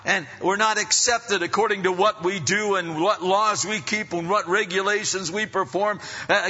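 Animated preacher man in a reverberant hall. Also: high-pitched, moderate pace, few pauses, husky. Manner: animated, swings from loud emphasis to soft asides. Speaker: pastor. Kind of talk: sermon. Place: church hall. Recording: dull sound, long hall reverb.

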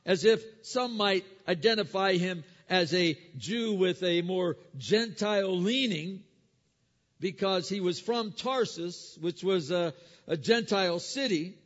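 Male pastor, sermon, fairly high voice, lively retelling, stumbles and repeats words, dull lo-fi sound, long hall reverb. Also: takes it slowly. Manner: animated storytelling, stumbling repeats. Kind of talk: sermon retelling a Bible story.

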